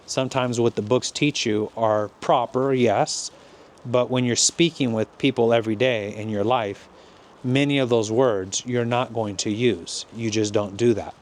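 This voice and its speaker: An American man from California talks through an English lesson at a slow, careful pace. His pitch sits in an ordinary middle range for a man. He explains things in a deliberate, encouraging way that suits listening practice. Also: fairly even intonation, slight background noise. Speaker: English teacher. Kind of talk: slow teaching monologue.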